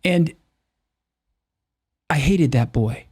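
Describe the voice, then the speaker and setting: A man's voice: a little high, very slow, husky, no echo, studio quality. Earnest middle-aged man telling his story. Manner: earnest, animated, acts out quoted voices. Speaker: podcast guest. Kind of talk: candid personal storytelling.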